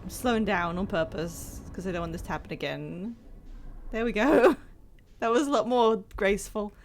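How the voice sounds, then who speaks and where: A woman streamer chatting casually and excitably while she plays, laughing at herself. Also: mid-range voice, moderate pace, soft background music. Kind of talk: casual live-stream chat while gaming.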